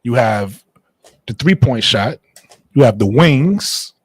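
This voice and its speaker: A man runs a casual livestream chat, ribbing his guest and driving points home. His voice is lively and swoops around as he talks. The sound is dry, with no room echo. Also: medium pitch, slow, breathy edge. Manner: teasing, emphatic, repeats "right?". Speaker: livestream host.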